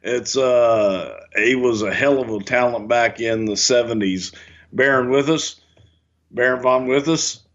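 A man's voice: medium pitch, a little slow, a bit bright, lo-fi sound. A man from the American South co-hosting a podcast, full of crude jokes and wisecracks in casual chat. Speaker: podcast co-host.

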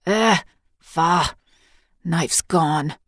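A woman's voice: deep voice, extremely slow, a bit bright, no room sound, studio quality, full character voice. A woman voicing a young male warrior, wounded and fretful, who speaks in an anxious, strained way in an audiobook story.

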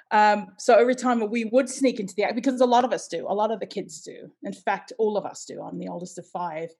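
A woman from Hawaii talking as a podcast guest, chatty and animated and laughing often. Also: mid-range voice. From Hawaii, United States. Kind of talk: casual interview chat.

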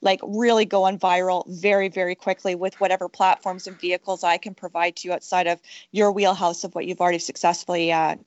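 A woman's voice: on the low side, little pitch movement, brisk, few pauses, no echo. A woman hosting a podcast interview, effusive and uplifting, speaking in long wordy sentences. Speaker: podcast host. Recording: dry, dull lo-fi audio.

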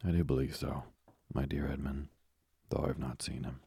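A man reading the part of a kindly, fatherly middle-aged ship owner in a calm storybook voice. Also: extremely low pitch, normal speed, breathy edge, no room sound, full character voice. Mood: genial.

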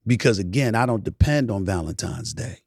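A middle-aged male host delivers a talk-show monologue in an emphatic, preaching manner. His pitch leaps and dips animatedly, and he drops from loud declarations to near-hushed asides. The sound is dry and close. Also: animated, brisk, vocal fry, slightly rough, dry recording.

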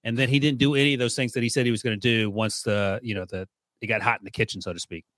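Male podcast host, rapid and wry, dry close mic. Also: mid-range voice, steady tone, a bit bright, no room sound. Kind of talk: casual podcast sports talk.

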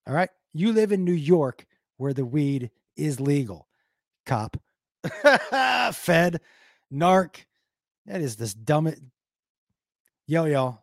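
Talking to his live chat, this comedian streamer spins casual stories packed with profanity and goofy noises, staying animated. He speaks slowly in a slightly high voice with long pauses, and the recording is dry and studio quality.

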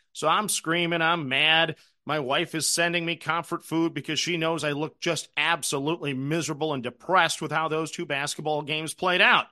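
Bright-voiced man recapping his bets. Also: fairly high pitch. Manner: chatty, self-deprecating storyteller. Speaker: sports betting show host. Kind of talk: casual betting recap and picks.

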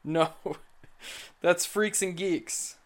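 A young man hosting a casual sports chat, teasing his co-host with quick laughs. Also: high voice. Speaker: podcast host.

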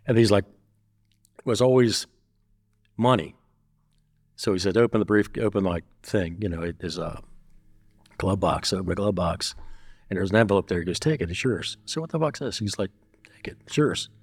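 Blunt, profane older man with a low voice. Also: normal speed, long pauses, no echo, studio quality. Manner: blunt and profane, telling stories with quoted dialogue. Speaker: interview guest. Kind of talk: casual storytelling.

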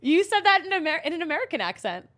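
A young adult woman co-hosting a casual sports podcast, chatty and quick to laugh, sliding into an upbeat ad read. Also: very high voice, big pitch swings, a bit bright. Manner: bubbly, laughs often. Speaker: podcast co-host.

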